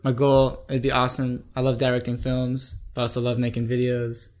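A man's voice: medium pitch, monotone, brisk, darkish tone. A man in his twenties, a guest on a podcast, telling a story in a casual, chatty way and often checking in with "right?". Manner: chatty, keeps adding "right?".

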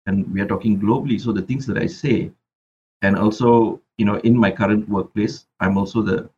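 A man's voice: on the low side, steady tone, brisk, warm tone, breathy edge, muffled recording. A Malaysian man who raps, talking reflectively as a podcast guest and often repeating words while he thinks. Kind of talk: casual interview chat.

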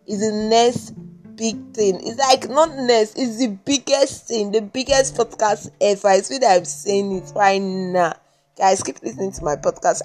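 A woman's voice: medium pitch, a little slow, a little mellow, faint music behind. A young woman with a Nigerian accent hosting her own podcast, talking in a rambling, chatty way full of "like", just after waking up. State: just woken up. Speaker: podcast host. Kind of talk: casual solo podcast monologue.

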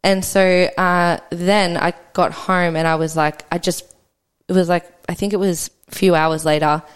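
A woman guest on a podcast, telling a hard personal story in a reflective, halting way, full of "like" and restarts. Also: lowish voice, fairly even intonation, clear, resonant tone. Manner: reflective, halting, heavy use of "like".

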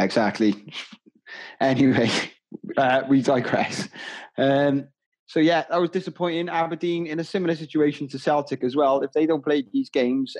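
A man's voice: mid-range voice, darkish tone. Chatty, teasing male podcast co-host. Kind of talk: casual chat.

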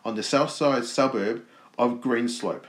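A man's voice: mid-range voice, a little slow. An Australian man co-hosting a casual podcast, reading odd news stories aloud and cracking jokes between sentences. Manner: reads news stories aloud with jokey asides. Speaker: podcast co-host. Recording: roomy echo.

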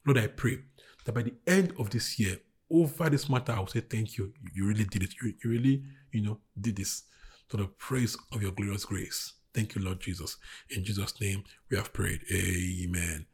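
Husky pastor preaching emphatically. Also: male voice, fairly low pitch, moderate pace. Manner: emphatic preaching with repeated declarations, then softer prayer. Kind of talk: sermon and prayer.

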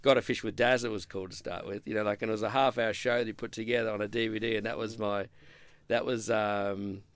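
A man's voice: lowish voice, fairly even intonation, quick pace, clean tone, dry recording. A middle-aged man, a podcast guest telling long, rambling stories in a casual chat and acting out the dialogue. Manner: chatty, rambling storyteller who acts out quoted dialogue. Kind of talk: casual storytelling interview.

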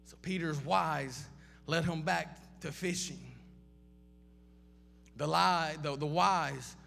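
A man's voice: fairly high pitch, fairly even intonation, takes it slowly, gravelly, fairly bright tone, faint music behind. A man preaching a sermon, impassioned, piling up repeated questions and restarting phrases. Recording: long reverb of a large hall.

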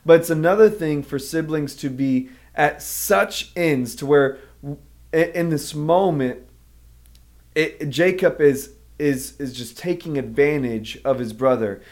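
A man's voice: on the high side, a little slow, a little mellow. A man preaching a sermon as pastor, earnestly explaining a Bible story to his listeners. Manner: earnest, emphatic teaching, explaining a Bible passage.

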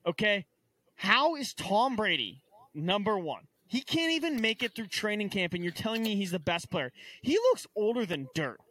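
A man's voice: high-pitched, sing-song, normal speed, pushed and bright. A young man co-hosting a casual sports podcast, ranting in exasperation with stammered restarts. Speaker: podcast co-host.

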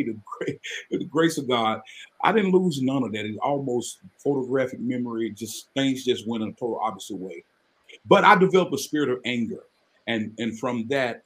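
A man, telling his life story as a guest on a live podcast, earnest and animated. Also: medium pitch. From Mississippi, US. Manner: earnest, animated storytelling with sudden excited rises.

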